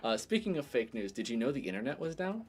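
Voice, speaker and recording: A man's voice: medium pitch, big pitch swings, fast talker, breathy edge. A man co-hosting a casual tech chat, throwing in wisecracks. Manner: wisecracking, laughs between lines. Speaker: podcast co-host.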